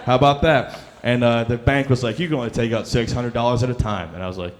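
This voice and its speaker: A man's voice: mid-range voice, fast talker. A young man performing a stand-up comedy set, rambling and self-deprecating, with lots of fillers, on a club stage mic. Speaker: stand-up comic.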